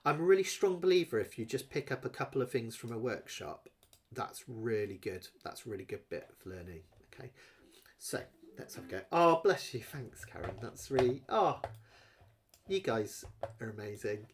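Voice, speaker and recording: A man's voice: medium pitch, sing-song, normal speed, a little hiss or hum. A man teaching a live online ukulele lesson, chatty and encouraging, sometimes singing along as he plays. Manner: encouraging, chatty, sings along while playing. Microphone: webcam with close-up camera angle. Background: ukulele playing.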